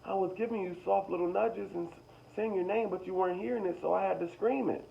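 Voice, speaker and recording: A man doing a roommate shouting in a high voice. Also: fast talker, creaky, dull audio, a little hiss or hum. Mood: defensive. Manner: shouting, then defensive explaining. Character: roommate man yelling another awake.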